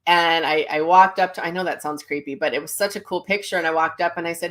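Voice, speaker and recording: A middle-aged woman chats to her viewers in a relaxed storytelling voice, pitched a little low. She acts out what people said with lively jumps in her voice. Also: fast talker, few pauses. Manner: animated storyteller acting out quotes. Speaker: psychic medium vlogger.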